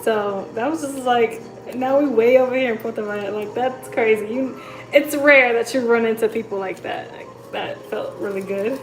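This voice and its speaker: A woman chatting casually on a livestream, reading comments and telling stories in a relaxed, talkative way. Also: on the high side, normal speed, reverberant, soft background music, low-quality recording. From United States. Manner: chatty, storytelling, reads comments aloud. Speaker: livestream host. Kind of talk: casual live chat.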